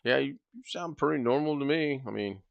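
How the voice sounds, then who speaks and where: A man's voice: medium pitch, expressive, fairly quick, gravelly, no room sound, muffled recording. A man hosting a casual video-call livestream, talking in an easygoing, rambling way and thinking aloud. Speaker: host.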